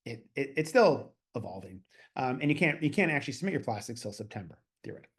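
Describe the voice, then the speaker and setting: A man from Canada hosts a slide webinar at a quick clip. His pitch moves around a lot, and the talk is casual, with fillers and little asides. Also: big pitch swings, gravelly. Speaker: webinar host and consultant.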